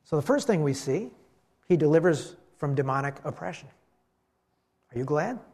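Lively high-voiced male preacher. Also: moderate pace. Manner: animated, acts out the voices in the story; preaching to a live congregation. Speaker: pastor. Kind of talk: sermon.

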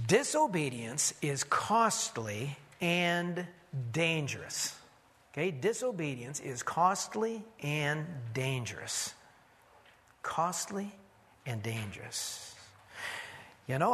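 Emphatic high-voiced preacher in a reverberant hall. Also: male voice. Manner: emphatic, drops low and quiet for warnings, calls for congregation response. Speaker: pastor. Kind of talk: sermon.

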